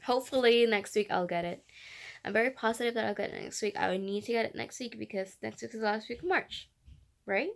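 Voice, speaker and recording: A woman's voice: fairly high pitch, fast talker, creaky. A young woman in her twenties from the Philippines chatting casually in a reading vlog, rambling and correcting herself as she goes. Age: 20s. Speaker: book vlogger.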